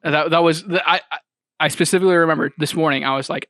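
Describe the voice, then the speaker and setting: A young man hosts a casual podcast chat, rambling and restarting as he chuckles through his stories. His voice sits fairly high for a man. The sound is dry and close to the mic. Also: fairly even intonation, rapid-fire, pushed and bright, no room sound. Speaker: podcast host.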